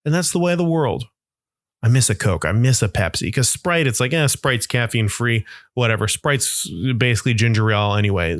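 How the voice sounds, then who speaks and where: A young man hosting a solo podcast, ranting in an animated, mock-outraged way and acting out imagined voices. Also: medium pitch, no room sound, clean studio sound. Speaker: podcast host. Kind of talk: solo comedic rant.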